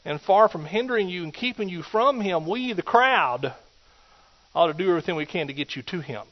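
A man preaching a sermon, swinging between loud exhortation and hushed asides. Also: sits high, expressive, fairly quick. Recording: dull lo-fi recording.

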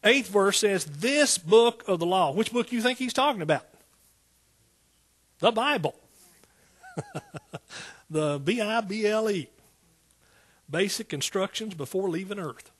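A husky-voiced man preaching a sermon in a slightly high register. He addresses the congregation casually, with calls of "y'all", and swells to emphatic peaks before settling back. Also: lively intonation, a little slow, pauses often, a bit bright. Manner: rises to emphatic exclaiming peaks; Southern "y'all" speech.

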